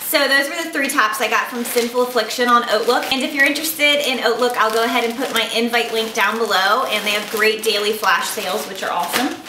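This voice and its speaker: A woman's voice: a little high, brisk, hardly any pauses, bright, forceful tone, roomy sound, recorded from a distance, a little hiss or hum. A woman vlogger chatting casually to camera about her shopping haul, upbeat and gushing. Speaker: beauty vlogger.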